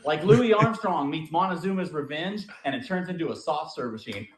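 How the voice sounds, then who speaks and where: A man's voice: on the high side, normal speed, roomy sound, noisy background, natural voice. A man performing a profane stand-up comedy rant. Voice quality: profane, ranting and animated.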